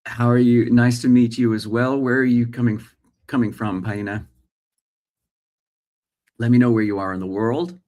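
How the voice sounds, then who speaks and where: A man's voice: mid-range voice, fairly even intonation, normal speed, long pauses, a little mellow. A man in his forties from Australia, speaking American with Australian traces, chatting live as host and reading viewer comments with many fillers.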